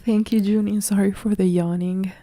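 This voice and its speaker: A young woman from Italy with an Italian accent, softly whispering as she chats and answers viewer comments in a whispered role-play live stream. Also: mid-range voice, flat delivery, normal speed, dry recording. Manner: soft whispered chat reading viewer comments.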